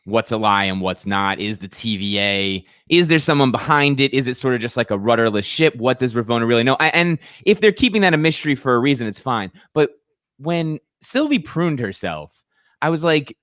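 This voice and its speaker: A man's voice: medium pitch, expressive, fairly quick, a bit bright, no echo, clean studio sound. A man co-hosting a podcast in casual chat, musing and asking questions that trail off. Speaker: podcast co-host.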